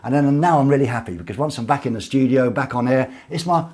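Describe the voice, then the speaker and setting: A man's voice: mid-range voice, fast talker, darkish tone, a little hiss or hum. A man hosting a casual live show from a small studio, reading out viewer comments with cheeky, rambling jokes. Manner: jokey, rambling, cheeky asides.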